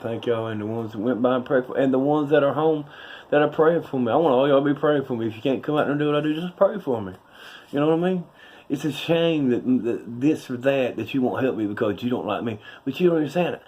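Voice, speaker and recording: Middle-aged Southern preacher, rambling testimony. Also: male voice, medium pitch, a little mellow. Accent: Southern US, North Carolina. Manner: rambling, folksy, emphatic, repeats himself. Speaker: street preacher.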